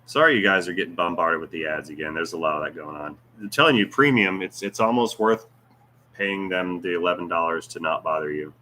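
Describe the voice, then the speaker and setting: A man's voice: low-pitched, fairly quick, sharp tone, slight background noise. A man hosting a casual livestream Q&A, reading viewer comments aloud with jokes, teasing and rambling asides. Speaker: YouTube channel host.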